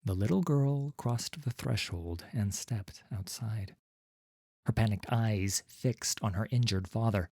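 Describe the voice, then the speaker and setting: Slow, measured male audiobook narrator. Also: fairly low pitch, a little mellow, breathy edge, no room sound, clean studio sound. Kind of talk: scripted narration.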